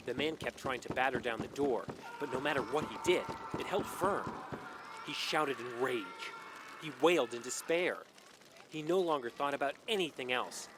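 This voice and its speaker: A man's voice: mid-range voice, noisy background. A man narrating a scripted horror story with dramatic delivery.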